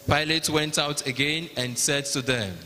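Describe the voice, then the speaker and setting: A man with a Nigerian accent narrating the Passion at a liturgy, in a measured, even reading. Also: on the high side. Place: large cathedral. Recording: long cathedral reverb.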